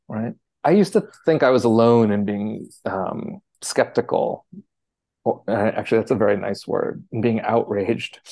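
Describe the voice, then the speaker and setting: A low-voiced man speaks with a gravelly edge, picking his words slowly and restarting often. The sound is close and dry, with no room around it. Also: darkish tone, dry recording. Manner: thoughtful, hesitant, many fillers and restarts. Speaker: architecture scholar, interviewee. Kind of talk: conversational interview answers.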